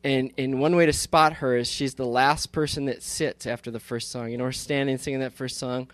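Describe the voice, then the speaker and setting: A man's voice: medium pitch, steady tone, a little fast, no room sound. A pastor in his fifties talking from the pulpit in a rambling, good-humored way, often restarting his sentences and laughing. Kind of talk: casual talk from the pulpit.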